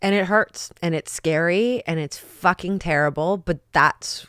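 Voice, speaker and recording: A woman's voice: on the low side, a little slow, a bit bright, clean tone, no room sound, clean studio sound. A woman hosting a podcast, a pro wrestler speaking openly and candidly, swearing casually.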